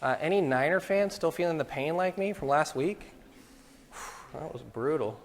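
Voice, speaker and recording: A slightly high, animated voice at normal speed carries this middle-aged man's casual talk in a photography school lecture hall. He tells students anecdotes and plays out the quoted voices, and the hall's reverb rings long.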